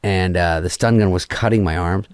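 A man's voice: deep voice, moderate pace, clean tone, no echo, studio quality. A middle-aged man telling a story in casual, profane talk, acting out the voices of the people in it. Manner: animated, profane, acts out quoted voices. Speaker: guest comedian. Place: garage studio.

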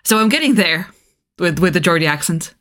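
A woman's voice: on the low side, expressive, fairly quick, fairly bright tone. A woman co-hosting a podcast in casual chat, a non-native English speaker who laughs often and restarts her sentences. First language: not English. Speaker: podcast co-host. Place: northeast England.

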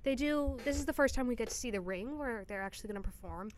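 A woman's voice: fairly high pitch, expressive, fast. A young woman co-hosting a podcast, casually recapping a TV show with frequent ums and blunt opinions. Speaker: podcast co-host.

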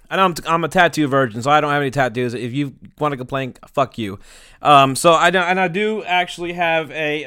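A man's voice: mid-range voice, sharp tone, clear, resonant tone, no echo, studio quality. A young man producing a podcast, wrapping up the show in a rambling, crude, joking way with lots of fillers. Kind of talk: casual podcast chat.

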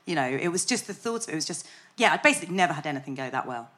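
A woman comedian with a fairly low voice that swings widely in pitch, chatting in front of a live audience. She is animated and self-deprecating, often breaking into laughter. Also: rapid-fire. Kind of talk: casual chat before a live audience.

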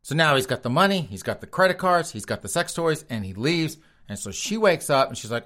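A man's voice: on the high side, animated, fast, hardly any pauses, sharp tone. A man hosting a comedic news show, reading stories and joking about them while addressing his audience directly.

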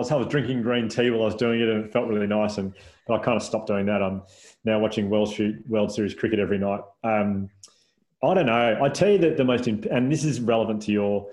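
A man's voice: on the low side, quick pace. A man in his thirties, a podcast guest telling anecdotes in casual chat, laughing often and restarting sentences. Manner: animated storyteller, laughs often, many restarts and "like" fillers.

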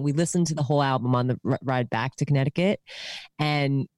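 Woman co-host, deep for a woman, hesitant and restarting, dry sound. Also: darkish tone, dry recording. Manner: halting, full of restarts and fillers. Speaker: podcast co-host. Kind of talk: casual chat.

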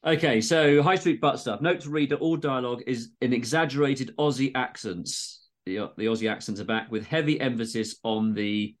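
A man's voice: mid-range voice, normal speed, few pauses. A man from England, co-host of a comedy podcast, reading his comic short story aloud with a wry manner.

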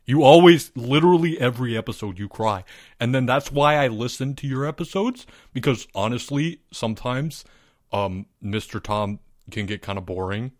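A man's voice: mid-range voice, normal speed, no room sound, clean studio sound. A man co-hosting a comedy podcast, playing the teasing, exasperated straight man. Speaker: podcast co-host. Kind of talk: casual comedic podcast banter.

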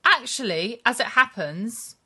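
A woman's voice: fairly high pitch, expressive, measured pace, sharp tone, breathy edge. A middle-aged woman co-hosting a casual chat, dry and teasing, telling stories with acted-out quotes. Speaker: podcast co-host.

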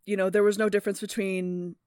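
A podcast co-host in casual book chat, talking in a relaxed way that trails off and drops quiet. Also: mid-range voice, quick pace, clear, resonant tone, no echo.

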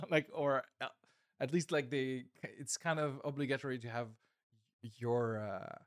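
A man comedian in a casual conversation, talking in a relaxed, hesitant way with many fillers. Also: medium pitch, unhurried, no room sound, studio quality. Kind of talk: casual chat.

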